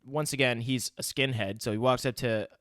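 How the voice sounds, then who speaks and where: A man's voice: mid-range voice, steady tone, moderate pace, a bit bright, no room sound, studio quality. A young man co-hosting a podcast, rambling and profane, with plenty of "like" fillers. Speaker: podcast co-host. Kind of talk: casual chat.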